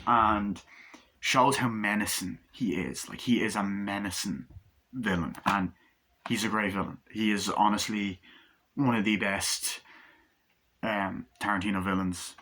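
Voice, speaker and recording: A man's voice: lowish voice, pushed and bright, breathy edge. A man casually reviewing a film, rambling with fillers and casual swearing. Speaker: movie reviewer.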